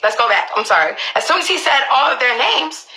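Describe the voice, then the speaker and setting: A woman's voice: sits high, sing-song, brisk, pushed and bright, slight background noise, low-quality recording. A woman, telling her own story to viewers in an emphatic, profane way. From Queens, New York. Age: early 20s. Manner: emphatic, profane, restarts often.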